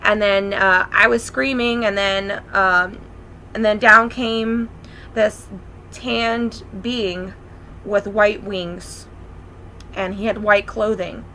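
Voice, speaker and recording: Bright-voiced woman telling a rambling story. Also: medium pitch, little pitch movement, slow, a little hiss or hum, rough recording. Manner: rambling, filler-heavy, earnest. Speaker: spiritual vlogger. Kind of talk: casual storytelling monologue.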